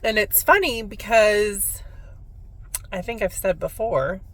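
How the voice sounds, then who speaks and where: A woman's voice: mid-range voice, takes it slowly, a bit bright. A woman who works as a spiritual medium, telling a personal story in a heartfelt, reflective way on her vlog.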